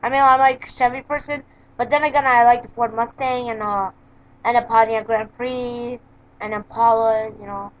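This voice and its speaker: Woman interviewer, casual and eager, higher pitch, dull lo-fi sound. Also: fairly even intonation, normal speed.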